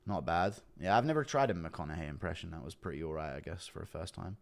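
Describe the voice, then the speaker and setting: A man's voice: low voice, lively intonation, quick pace, creaky. A young man chatting casually on a livestream, offhand and swearing, jumping between topics. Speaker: streamer reacting to chat.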